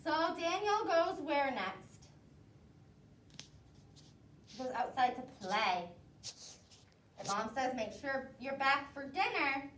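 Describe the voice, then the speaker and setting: Slow, sing-song woman reading aloud. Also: sits high. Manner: slow, expressive, asks the children questions. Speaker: preschool teacher. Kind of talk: interactive picture-book read-aloud for young children. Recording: roomy echo, voice from a distance, faint noise.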